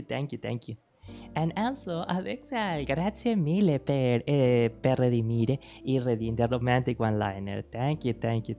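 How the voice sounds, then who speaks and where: A woman streamer chatting casually with her live chat, playful and teasing, thanking viewers over and over and speaking slowly and carefully. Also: a bass voice, gravelly, warm tone. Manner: deliberately slow, careful speech.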